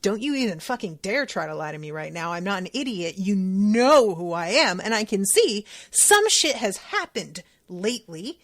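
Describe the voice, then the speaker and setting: A woman voicing a blunt, profane teenage boy wizard in a book recap, speaking forcefully and insistently. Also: on the high side, animated, a little slow. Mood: demanding.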